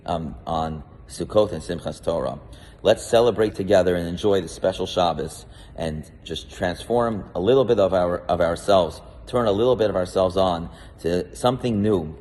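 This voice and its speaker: Male rabbi, very low voice, casual storytelling sermon, long reverb, faint background noise. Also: a little mellow. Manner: storytelling with frequent restarts and fillers. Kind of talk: weekly Torah portion talk.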